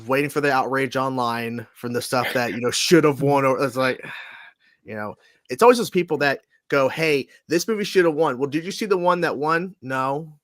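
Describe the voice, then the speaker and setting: A man hosting a casual livestream chat show over a video call, talking in a lively, animated way and laughing often. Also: mid-range voice, moderate pace, no room sound, clean studio sound. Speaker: host.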